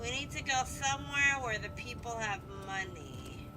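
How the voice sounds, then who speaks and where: A woman with a slightly high voice chats at a moderate pace as she streams a game, and the audio is very noisy. She jokes around, swears freely and mutters to herself over the game music in easygoing play-by-play.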